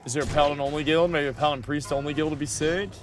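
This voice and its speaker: A man's voice: a little high, steady tone, racing, noisy background. A young adult man livestreaming a game, chatting casually and answering his chat, often repeating his own lines. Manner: chatty, talks back to chat, repeats himself.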